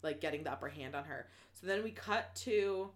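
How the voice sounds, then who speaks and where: A woman recapping a novel in casual chat, animated and laughing often, swearing freely and full of restarts. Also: sits low, brisk.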